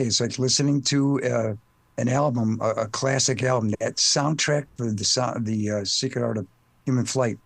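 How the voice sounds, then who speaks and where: An older man with a Chicago accent, an actor guest, speaking haltingly in an interview and pausing with many uh sounds as he searches for words. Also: medium pitch, no room sound. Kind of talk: casual interview chat.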